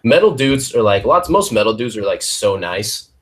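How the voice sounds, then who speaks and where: A young man co-hosting a casual chat podcast, with a voice that sits a little low. He wanders through his stories, restarts sentences and leans on "like" and "dudes". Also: very animated, normal speed. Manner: rambling storyteller, repeats himself, says "like" and "dudes". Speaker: podcast co-host.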